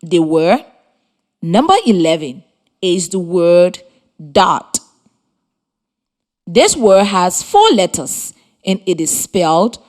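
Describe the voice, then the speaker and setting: Woman, radio teacher for young children; unhurried, encouraging delivery with an expressive, wide-ranging pitch. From Liberia. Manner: slow, deliberate, encouraging instructions. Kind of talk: scripted radio lesson for children.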